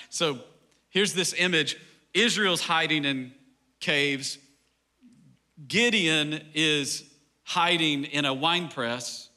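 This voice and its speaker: High, bright-voiced pastor preaching. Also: male voice, takes it slowly, long pauses. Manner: conversational preaching, acts out quoted dialogue, rising to a fervent climax; frequent "like" fillers. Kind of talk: sermon.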